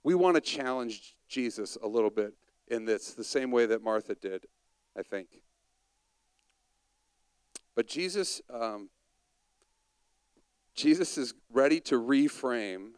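A man's voice: medium pitch, expressive, slow pace, pauses often, darkish tone, smooth, dry recording. A man preaching a conversational sermon and asking the audience questions.

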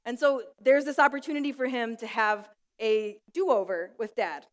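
A woman's voice: a little high, normal speed. Woman pastor in a reverberant hall. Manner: warm storytelling with light laughs. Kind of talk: sermon with prayer. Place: school room used for church.

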